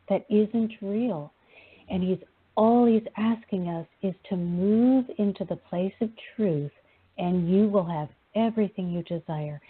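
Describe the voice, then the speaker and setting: Husky-voiced woman on a phone line. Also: mid-range voice. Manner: earnest, laughs often while telling a story. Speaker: spiritual teacher and show host. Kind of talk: casual spiritual chat.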